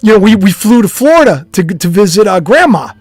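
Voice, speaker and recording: A man's voice: sits high, very animated, fairly quick, no echo, soft background music. A man, a YouTuber and author, rambling through a casual speculative monologue at home with self-deprecating asides and chuckles.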